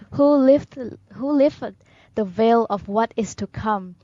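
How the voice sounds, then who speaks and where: A woman co-hosting a radio talk show, reading poems aloud in a measured, solemn way. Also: medium pitch, mellow, no echo, muffled recording.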